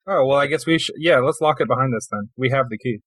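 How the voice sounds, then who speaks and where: A man's voice: medium pitch, fast talker, a bit bright, no echo. A man in a tabletop role-playing session who talks casually and keeps cracking jokes. His voice sits mid-range and is recorded dry, with little room sound. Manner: joking and playful, often laughing. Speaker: player.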